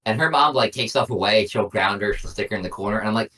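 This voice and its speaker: Young male podcast co-host, low and bright, mic a little distant; rambling anecdotal delivery. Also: fast, few pauses. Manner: rambling storyteller, lots of "I'm like". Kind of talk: casual chat.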